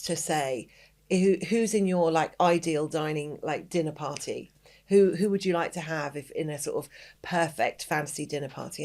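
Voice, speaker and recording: A woman's voice: low voice, darkish tone. A woman hosting a podcast, telling stories in an earnest, reflective way. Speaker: podcast host. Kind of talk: casual podcast conversation.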